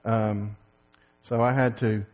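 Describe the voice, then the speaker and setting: A man's voice: lowish voice, flat delivery, slow, a little mellow. A man leading a congregation as pastor, giving folksy church announcements and opening remarks. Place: church sanctuary. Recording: long hall reverb.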